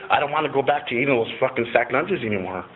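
A man's voice: mid-range voice, animated, fast talker. A middle-aged man casually telling a personal recovery story, profane and rambling, with lots of "you know" fillers. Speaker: speaker sharing a recovery story. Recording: tinny phone-like recording with faint hiss.

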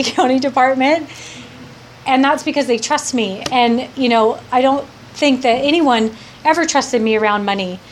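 Woman telling her story, heartfelt, a bit high. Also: slight background noise. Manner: heartfelt, rambling, with many restarts. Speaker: speaker sharing her recovery story. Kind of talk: personal testimony to a live audience.

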